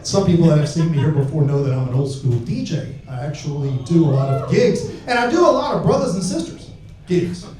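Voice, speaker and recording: A man's voice: on the high side, big pitch swings, fairly quick. A man from Alabama, doing a crude, brash stand-up set on a club stage with a handheld mic. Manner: crude, brash, shouting punchlines. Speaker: stand-up comedian. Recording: roomy club sound from far off.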